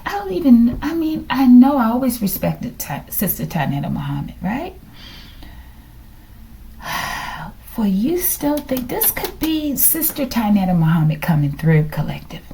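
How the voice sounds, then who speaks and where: A woman's voice: a little high, very animated, a little slow, mellow, a little hiss or hum. A middle-aged woman giving a casual tarot reading, musing aloud, questioning the cards and sometimes dropping to a whisper. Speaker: tarot reader.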